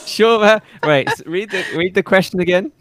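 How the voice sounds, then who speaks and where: Fairly quick and sitting high, this man's voice comes through a dry recording. Originally from England, his English accent is softened by years living in the US, and he chats casually about his podcast and fitness work, laughing a lot and imitating others.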